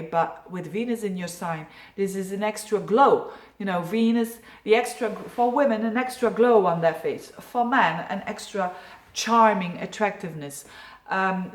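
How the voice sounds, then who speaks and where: A woman astrologer from Belgium talks through a yearly forecast in a chatty, reassuring manner, with frequent fillers. Her pitch sits in a middle range for a woman. The room around her has a noticeable echo. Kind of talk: casual horoscope video.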